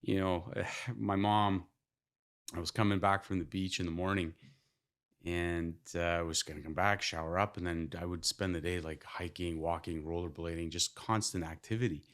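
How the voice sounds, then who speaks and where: A man from Canada, a podcast guest, telling stories in a loose, animated way with lots of laughing and swearing. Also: low voice, moderate pace. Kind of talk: casual podcast storytelling.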